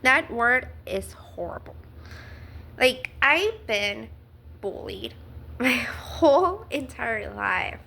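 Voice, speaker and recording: A woman talking to camera in a personal vlog, earnest and halting, with many fillers, restarts and small nervous laughs. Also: on the high side, sing-song, vocal fry, sharp tone, slight background noise. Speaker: vlogger.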